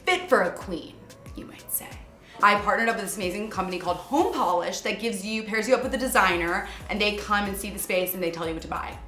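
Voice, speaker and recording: A woman's voice: mid-range voice, animated, fast, hardly any pauses, pushed and bright. Bubbly young woman in an echoey room. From New York. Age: 20s. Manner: bubbly, upbeat, chatty. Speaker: video producer and host. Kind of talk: home tour vlog. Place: her apartment. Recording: echoey room, faint background music.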